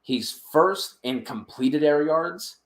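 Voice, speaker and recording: A man's voice: a little high, expressive, slow pace, roomy sound. A man co-hosting a sports betting podcast, chatting casually and stumbling over repeated words as he reels off stats. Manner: stammers and repeats words while reeling off stats.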